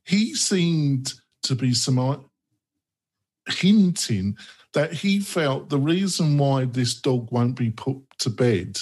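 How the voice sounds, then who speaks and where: A man on a podcast panel who talks hesitantly, filling his pauses with ums and uhs as he asks for feedback. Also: mid-range voice, a little mellow. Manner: hesitant, many fillers. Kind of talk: casual panel discussion.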